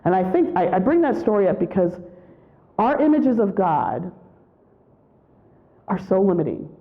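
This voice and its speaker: A woman gives a spiritual retreat talk, with a slightly gravelly voice. She tells her stories in an animated way and acts out what people said. The sound is thin and tinny, like it came over a phone line. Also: medium pitch, measured pace. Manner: animated storytelling, acts out quotes. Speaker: retreat speaker.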